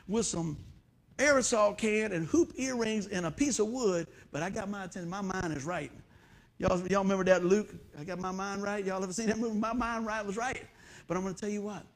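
A man preaching a folksy sermon, telling a childhood story with sound effects and acted-out voices. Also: high voice.

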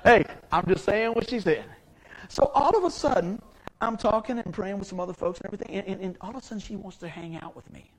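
A middle-aged pastor delivers a sermon in a fairly high voice. He talks in a folksy, storytelling way and swings between soft, confiding asides and loud, excited outbursts. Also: fast, breathy edge, poor audio.

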